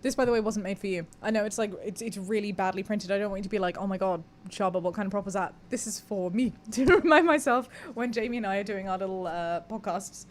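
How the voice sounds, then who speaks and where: A woman's voice: medium pitch, fast talker, hardly any pauses, a little hiss or hum. Chatty woman hosting a live podcast. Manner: chatty, candid, swears casually, reads messages aloud. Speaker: podcast host. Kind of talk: casual live-stream chat.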